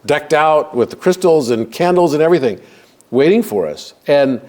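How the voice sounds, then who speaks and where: A man's voice: on the high side, lively intonation, normal speed, a little mellow. A man casually telling stories and explaining ideas to a group, rambling with restarts.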